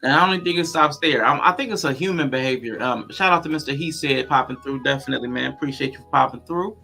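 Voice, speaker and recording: A man's voice: medium pitch, fast talker, creaky, bright, forceful tone, soft background music. A man hosting a livestreamed talk show, greeting viewers and posing thoughtful questions in casual chat. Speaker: podcast host.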